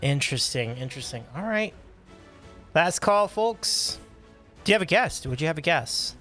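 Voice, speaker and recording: A man hosting a casual livestream, reading and answering chat with upbeat, animated talk and frequent laughs. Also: a little high, moderate pace, faint music behind. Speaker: livestream host.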